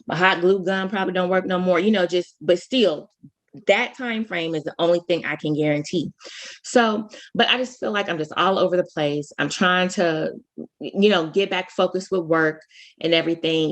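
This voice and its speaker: Woman, podcast co-host, casual chat, animated storyteller, fast restarts, lowish voice. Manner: animated storytelling with sudden rises in pitch; talks fast, full of restarts.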